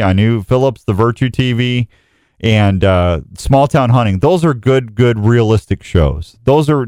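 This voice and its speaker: A man's voice: medium pitch, darkish tone, clear, resonant tone, no room sound, studio quality. A man hosting a casual radio show, joking and rambling.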